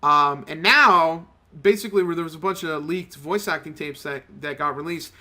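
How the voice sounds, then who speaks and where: Rambling profane young gaming commentator. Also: male voice, fairly high pitch, moderate pace, sharp tone. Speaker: gaming channel host. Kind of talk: casual let's-play commentary.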